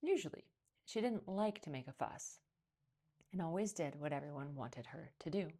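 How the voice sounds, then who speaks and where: Expressive woman reading a kids book aloud, low-ish voice, very animated. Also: normal speed. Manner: expressive storytelling, lively pitch. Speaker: children's librarian reading aloud. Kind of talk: picture book read-aloud.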